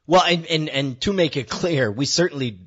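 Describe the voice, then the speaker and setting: A man's voice: on the high side, lively intonation, moderate pace, a bit bright, a little hiss or hum. A man co-hosting a casual podcast, rambling with restarts and laughing often while drinking. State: drinking, tipsy. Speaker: podcast co-host. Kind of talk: casual banter. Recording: dull lo-fi podcast audio.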